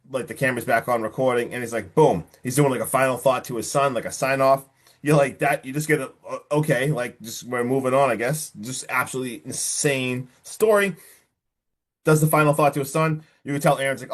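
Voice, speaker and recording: A man hosting a casual podcast film review, retelling the plot in an excitable, slangy way and acting out the characters. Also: medium pitch. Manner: animated retelling, acts out the characters. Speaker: podcast host.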